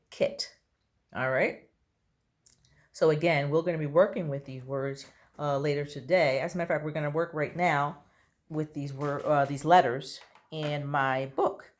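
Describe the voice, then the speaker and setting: A woman teaching an online phonics lesson to young children, sounding out letters patiently and praising correct answers. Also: very deep voice. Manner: encouraging, checks in with children.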